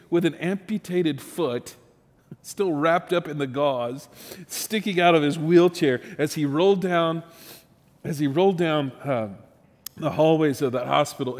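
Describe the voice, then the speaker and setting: Pastor preaching in a reverberant church. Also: male voice, on the high side, unhurried. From Texas, USA. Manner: storytelling, animated, with rising emphasis and restarts. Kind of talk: sermon.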